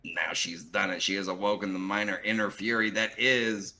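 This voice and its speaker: A man co-hosting a casual live-stream reading of a webcomic, giving laughing, animated commentary. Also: deep voice, normal speed, vocal fry.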